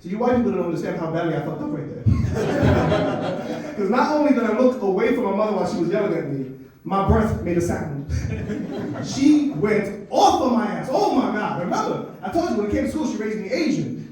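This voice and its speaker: A high-voiced man of Dominican heritage performs stand-up, spinning an animated, profane story and talking to the crowd. He sounds far from the mic, with the club's echo ringing around him. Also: a little fast. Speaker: stand-up comedian. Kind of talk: stand-up comedy set. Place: comedy club stage. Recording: echoey club from a distance.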